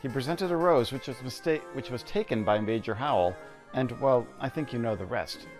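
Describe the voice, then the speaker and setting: A man's voice: medium pitch, brisk, darkish tone, faint music behind, lightly acted. A man reading game dialogue as a pompous, easygoing king with a genteel, dismissive manner.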